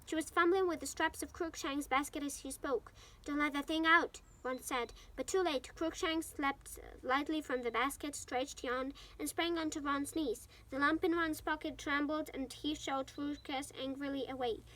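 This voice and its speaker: A woman's voice: high-pitched, fairly even intonation, normal speed, few pauses, fairly bright tone. A woman with Ukrainian as her first language reading a novel aloud in English, with occasional slips and restarts. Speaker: storybook reader.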